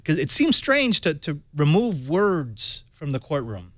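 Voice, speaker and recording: A man hosting a tech panel show, his voice a bit higher than most and swinging widely up and down. He talks in lively bursts and throws questions at his guests. The sound is dry and close, with no room around it. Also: measured pace, no room sound. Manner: animated, rising and falling questions. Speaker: host.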